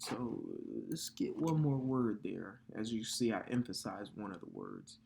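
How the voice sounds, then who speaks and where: A man's voice: on the low side, huge pitch swings, unhurried, gravelly, few pauses, mellow. Casual man preaching a loose sermon. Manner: loose, conversational, swears casually, frequent filler tags. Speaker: bible teacher.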